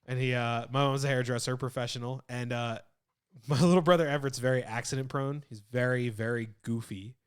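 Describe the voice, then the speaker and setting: A young man co-hosting a podcast in relaxed, joking banter. His voice sits at a middle pitch, and he tells his stories in a plain, chatty way. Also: smooth. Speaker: podcast co-host. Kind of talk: casual chat.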